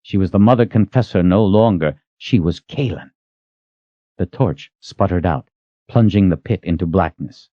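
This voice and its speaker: A man narrating a fantasy audiobook in a steady, expressive read, on a dull lo-fi recording. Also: normal speed, no room sound. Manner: steady, expressive reading with lively pitch.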